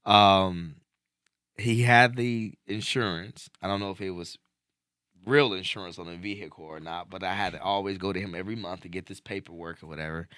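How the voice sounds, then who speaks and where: A man with a low voice hosts a casual podcast chat. He tells a personal story with growing animation. The sound is dry and close. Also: clear, resonant tone, no room sound. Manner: animated storyteller, voice climbing when excited. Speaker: podcast host.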